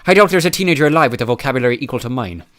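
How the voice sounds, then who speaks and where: An arrogant teenage boy genius, crisp and superior in every word, performed by a man narrating an audiobook. He is pitched up slightly and speaks with careful precision. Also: expressive, racing, a bit bright, natural voice. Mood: cool, haughty. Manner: precise, haughty.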